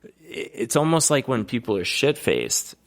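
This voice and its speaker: A man's voice: mid-range voice, wildly swooping pitch, moderate pace, vocal fry. A man in his thirties co-hosting a podcast, telling profane stories in casual chat and laughing often. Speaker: podcast co-host.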